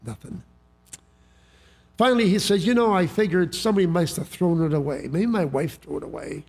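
Man, pastor, high voice, folksy sermon, stumbling restarts. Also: fairly quick, vocal fry, darkish tone, breathy edge. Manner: folksy storytelling with frequent restarts.

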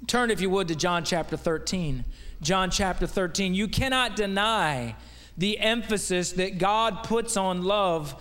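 A man's voice: sits high, unhurried, a bit bright, long reverb tail. A man preaching as a guest preacher, delivering a folksy, conversational sermon full of rhetorical questions. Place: church sanctuary.

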